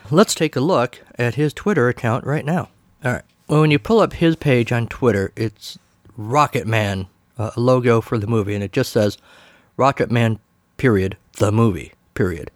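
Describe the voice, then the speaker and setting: A man hosts a podcast alone in a relaxed, chatty way. He drops wry, sarcastic asides. His voice sits at a middle pitch and sounds dry and close. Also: dry recording. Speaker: podcast host. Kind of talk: casual solo commentary.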